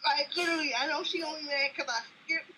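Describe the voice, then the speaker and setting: A woman's voice: sits high, steady tone, quick pace, bright, forceful tone. A young woman speaking as a fan, rambling and emotional, on the edge of tears as she talks. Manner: gushing, tearful, rambling. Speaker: fan giving a video message. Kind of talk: emotional personal testimony. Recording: dull lo-fi recording with faint hiss.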